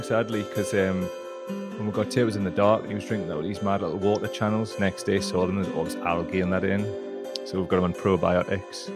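A man hosting a casual live-stream chat from a cellar, rambling and jokey. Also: low voice. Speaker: show host. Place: temporary cellar room.

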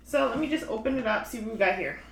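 A woman's voice: fairly high pitch, fast, gravelly, a little hiss or hum. A woman hosting a podcast in a loose, chatty way, full of "like" and "you know what I mean". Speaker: podcast host. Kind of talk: casual chat. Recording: roomy echo.

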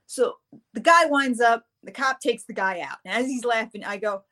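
A woman author, a guest on an interview show, telling a story with energy and acting out the voices of the people in it. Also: brisk. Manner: lively, acts out the people in her story with big pitch jumps.

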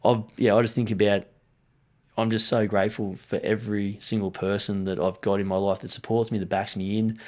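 Australian man, young, lowish voice, quick and energetic, casual podcast chat. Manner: energetic, talks fast, says mate often. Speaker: podcast guest, strength and conditioning coach.

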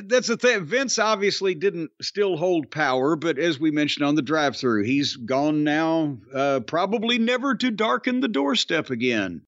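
A man's voice: sits high, fairly bright tone, no echo, muffled recording. A middle-aged man hosting a podcast in casual chat, given to blustery, profane, grumbling rants. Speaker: podcast host.

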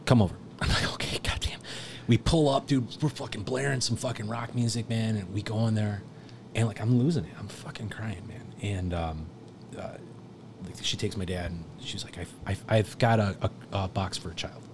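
A man telling a personal story in casual chat, animated and swearing, swinging from loud laughter to hushed near-whispers. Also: lowish voice, normal speed, gravelly, a little hiss or hum. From South Texas.

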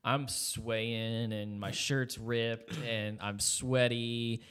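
A man's voice: medium pitch, very slow, smooth. A young man in his twenties casually telling a rambling story on a podcast, full of fillers and restarts. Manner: rambling, animated retelling with filler words. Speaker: podcast host.

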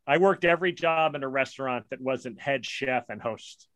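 A middle-aged man co-hosting a casual podcast chat, telling stories in an animated way. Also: mid-range voice, normal speed, no room sound. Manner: storytelling, animated. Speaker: podcast co-host.

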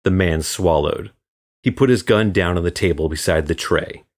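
A man from Florida reading a crime story as guest narrator in measured, even storytelling. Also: sits low. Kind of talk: scripted audiobook narration.

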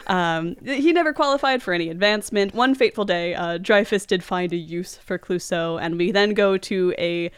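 Smooth-voiced woman chatting on a podcast. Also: lowish voice, no echo. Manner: chatty, giggly, recounts scenes with quick asides. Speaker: podcast host. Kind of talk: casual chat recapping a film.

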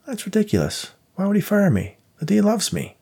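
A man's voice: high-pitched, wildly swooping pitch, brisk, creaky, dark tone, husky, pitched above the performer's own voice, heavily acted. Man doing a chirpy, eager woman professor. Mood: playful. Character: quirky woman professor and part-time magician.

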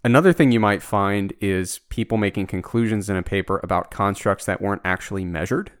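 A man's voice: fairly low pitch, a little fast, clear, resonant tone, no echo. A man hosting a podcast in casual chat, explaining ideas analytically through worked examples, with a dry, teasing humor. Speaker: podcast host.

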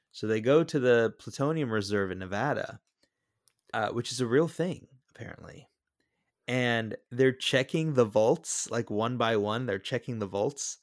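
A man's voice: lowish voice, unhurried. A young adult man co-hosting a casual movie podcast, teasing his co-host and retelling scenes with jokes. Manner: joking, teasing banter.

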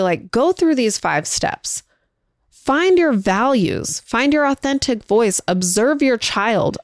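A woman's voice: on the high side, dry recording, clean studio sound. A mother talking casually and encouragingly to viewers, sharing parenting advice in a conversational, folksy way.

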